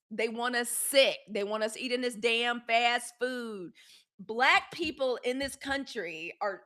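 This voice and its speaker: Her voice is a little high, bright and forceful. Running a live news stream, she chats bluntly and informally with her viewers, and profanity comes up a lot.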